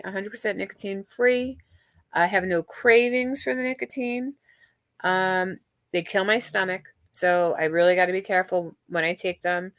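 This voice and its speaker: A woman's voice: medium pitch, a bit bright, no room sound, studio quality. A middle-aged woman hosting a livestream and chatting casually with viewers, rambling and candid, with many fillers and restarts. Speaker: livestream host. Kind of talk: casual chat with live chat viewers.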